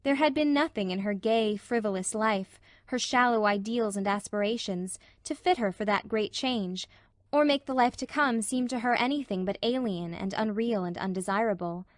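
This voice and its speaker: A woman narrating a classic novel as an audiobook in measured, even storytelling. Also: medium pitch, no echo, clean studio sound. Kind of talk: scripted narration.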